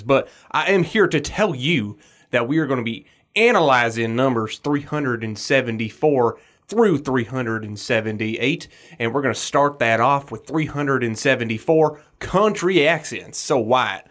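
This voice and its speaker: A man's voice: mid-range voice, animated, normal speed, fairly bright tone. A young man hosting a casual podcast, chatting in a joking, playful way. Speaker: podcast host.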